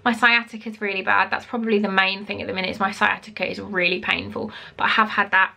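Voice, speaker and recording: A woman's voice: medium pitch, level tone, fast, gravelly, pushed and bright. A woman chatting casually in a vlog, a little out of breath, rambling between reading aloud and her own comments. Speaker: vlogger giving a pregnancy update.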